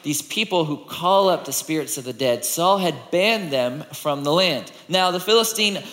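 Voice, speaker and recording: Male pastor, somewhat high voice, lively conversational preaching, long hall echo. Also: moderate pace. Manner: conversational and animated, reading scripture aloud and voicing characters. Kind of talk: sermon.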